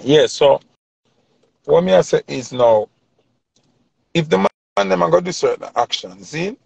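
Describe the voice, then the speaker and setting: A man's voice: on the high side, lively intonation, unhurried, gravelly, darkish tone, breathy edge, no echo. A man with a Jamaican accent giving an impassioned opinion rant in heavy patois, preaching and repeating his points for emphasis. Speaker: commentator.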